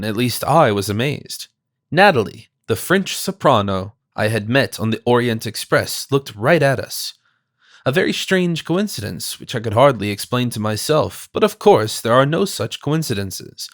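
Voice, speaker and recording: A man reads a classic-style detective story aloud as narrator. His voice sits at a middle pitch, recorded close with a dry, deadened sound. He marks characters with small shifts. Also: lively intonation, moderate pace, no echo. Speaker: audiobook narrator. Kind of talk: scripted narration.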